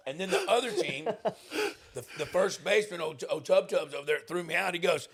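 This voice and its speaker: A man who is a podcast guest, loud, crude and excitable in casual chat. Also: on the high side, brisk, gravelly, husky.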